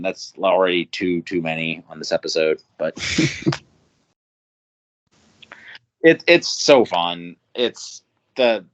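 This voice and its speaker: A man's voice: sits low, fairly bright tone, highs cut off. A man hosting a casual music podcast, talking in a rambling, enthusiastic way and swearing freely. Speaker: podcast host.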